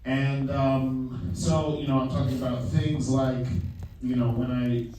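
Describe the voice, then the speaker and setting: A film director speaks loosely at a live Q&A on a large theater stage, his mid-range voice dark in tone, a little slow and with little pitch movement. He laughs easily, using many fillers and restarts. A far-off mic catches the echoey theater and faint noise.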